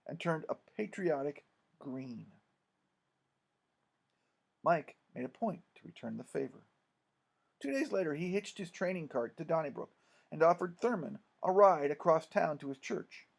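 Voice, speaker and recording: A man reads a memoir-style story aloud as an audiobook narrator. His delivery is lively and expressive, carried by a fairly high voice. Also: vocal fry.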